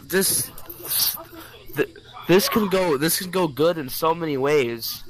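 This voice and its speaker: A man's voice: a little high, slow, poor audio. A young man chatting casually while playing a game with his younger brother, hesitant and stammering at times. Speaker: older brother playing along. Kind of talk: casual gaming chat.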